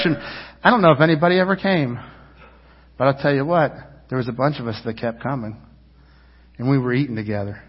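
A pastor in his fifties preaching a sermon, telling a rambling story full of restarts and asides, moving between loud emphasis and low, quiet lines. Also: fairly quick, long pauses, slightly rough. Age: 50s. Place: church sanctuary. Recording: dull sound with long reverb, as in a church hall.

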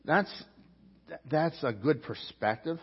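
A man's voice: a little high, lively intonation, slow, slightly rough, lo-fi sound. Man preaching a chatty sermon. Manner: conversational preaching with rhetorical questions and repetitions. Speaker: pastor.

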